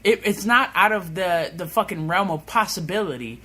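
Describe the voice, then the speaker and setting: A man's voice: high voice, moderate pace, pushed and bright. A young man co-hosting a casual podcast, laughing often and swearing casually. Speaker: podcast co-host. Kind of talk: casual chat.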